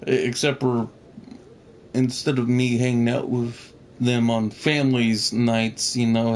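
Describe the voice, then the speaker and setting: A man giving casual, rambling gameplay commentary, swearing freely and laughing often. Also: medium pitch. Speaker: gamer, channel host.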